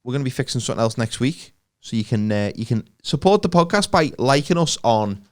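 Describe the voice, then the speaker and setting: A man's voice: medium pitch, a little fast. A man co-hosting a casual podcast, rambling and cracking jokes. His voice rises and falls a great deal as he talks. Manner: jokey, animated, rambling. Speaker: podcast co-host. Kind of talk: casual banter.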